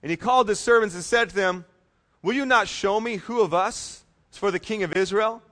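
A man's voice: high-pitched, a little fast, a bit bright. A male pastor preaching a sermon, reading scripture emphatically and adding casual, joking asides.

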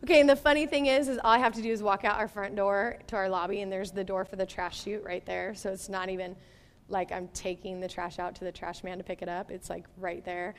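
A middle-aged woman pastor giving a sermon in a conversational, animated way, with laughs and playful asides. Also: medium pitch, fairly quick, long reverb tail.

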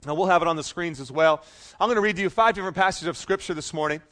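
High-voiced pastor preaching a sermon. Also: male voice, very fast, bright, forceful tone. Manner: casual asides between readings, emphatic when reading. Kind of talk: sermon with scripture reading.

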